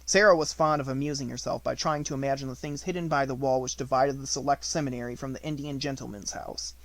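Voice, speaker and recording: A man reading a classic novel aloud as an audiobook narrator, in a steady, even storytelling voice. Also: medium pitch, fast, rough recording.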